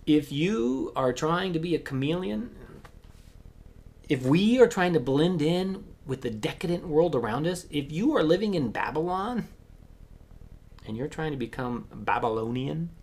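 A pastor with a medium-pitched voice preaches a sermon, acting out the voices of Bible figures. He swings between loud emphasis and hushed asides.

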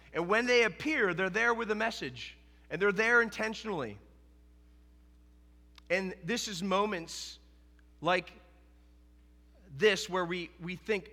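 A middle-aged pastor with a high, bright, forceful voice, preaching earnestly and stressing his points through repetition. His voice carries a long reverb, as if he stands in a large church sanctuary. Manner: earnest, emphatic preaching with repeated phrases. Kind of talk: sermon.

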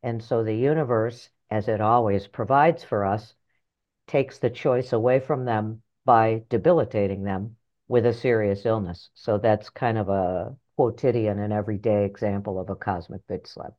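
A middle-aged woman author and life coach telling her story in an interview, animated and blunt, acting out voices in her head. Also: rumbling low, normal speed, lo-fi sound. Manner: animated, acts out inner voices, earthy phrasing.

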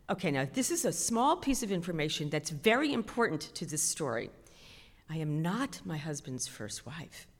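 Animated middle-aged woman telling a story. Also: mid-range voice, moderate pace. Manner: animated, chatty, self-mocking. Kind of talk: stand-up storytelling. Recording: long hall reverb.

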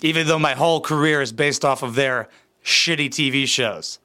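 A man's voice: medium pitch, moderate pace, bright, forceful tone, smooth. A man giving crude, sarcastic reaction commentary as a YouTuber, blunt and full of swearing.

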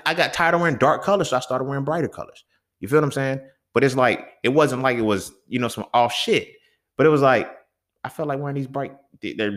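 A man's voice: medium pitch, fairly bright tone. Young guy ranting on his podcast, cussing a lot, keeps saying you feel me. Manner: heated, profane, keeps asking "you feel me?". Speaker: podcast host. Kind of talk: casual monologue.

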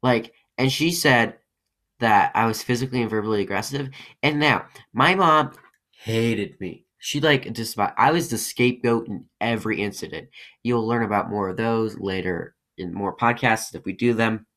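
A man hosting a podcast, telling a personal story in a rambling, halting way, full of fillers and restarts. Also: lowish voice, fairly bright tone. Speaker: podcast host.

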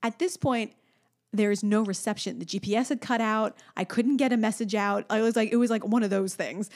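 A woman in her thirties telling a long family story in a casual chat, animated and acting out the people she quotes. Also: fairly quick. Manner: animated storyteller, acts out a toddler's high voice. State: pregnant.

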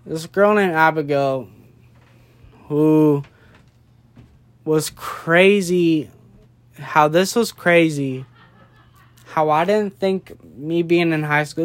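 A man's voice: on the high side, slow, pauses often. A drunk young man in casual late-night chat, rambling loosely and drifting off track.

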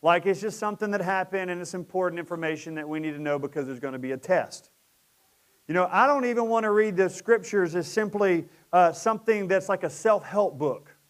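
A middle-aged male pastor with a high voice preaches a sermon in a relaxed, conversational way, lifting into emphatic peaks now and then. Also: a little fast.

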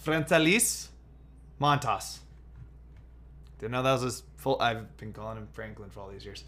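A man's voice: on the low side, steady tone, fast talker, fairly bright tone. A man co-hosting a fan podcast, reading out a list of players' names and years in a casual tone. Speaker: podcast co-host. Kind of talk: casual chat.

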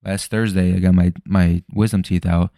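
A man's voice: low voice, flat delivery, normal speed, warm tone, dry recording, studio quality. A young man rambling casually on his solo podcast at home, loose and full of swearing. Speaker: podcast host. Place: home room at night.

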